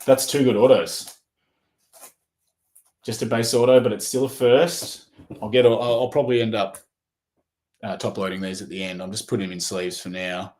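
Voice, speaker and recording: An Australian man opens trading cards and gives a casual running commentary, reading off player names and perking up at good pulls. His voice is lowish and darkish, with fairly even intonation, a moderate pace, and long pauses, all in a roomy echo.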